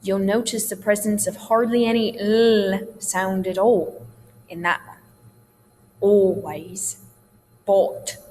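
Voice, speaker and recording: A woman teaches a dialect lesson at an unhurried pace, calm and reassuring as she explains each sound. Her voice sits at an ordinary pitch and carries a long hall reverb with a faint hum underneath. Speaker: theatre teacher.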